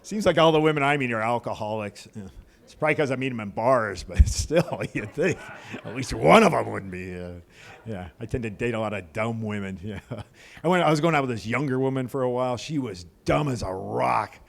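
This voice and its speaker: A man's voice: medium pitch, expressive, fairly quick, gravelly. A middle-aged man doing a crude stand-up comedy set in a comedy club, with punchy punchlines and banter with the crowd.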